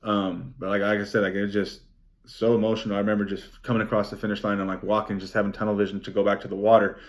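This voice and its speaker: Young man, vlogger, excited rambling recap, lowish voice, curses a lot. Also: quick pace. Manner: excited, rambling, swears a lot, many "like" fillers. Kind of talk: emotional race recap vlog.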